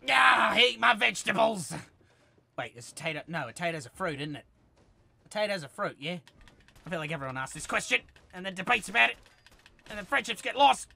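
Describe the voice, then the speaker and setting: A young man streaming a game, narrating as he plays and yelling excited taunts and battle cries at enemies. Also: sits high, fast talker, vocal fry, dry recording. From Australia. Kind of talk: let's-play gaming commentary.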